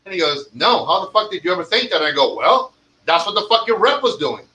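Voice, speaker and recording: A man's voice: sits high, big pitch swings, fast talker, bright, forceful tone, rough recording. A man who owns a cigar lounge, telling stories in a profane, emphatic podcast rant. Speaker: cigar lounge owner and tobacconist.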